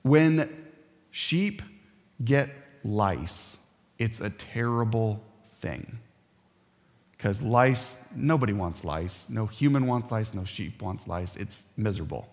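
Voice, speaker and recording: A man preaching a sermon as a pastor, earnest and emphatic, with dramatic pauses. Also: on the low side, lively intonation, a little mellow. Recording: long hall reverb.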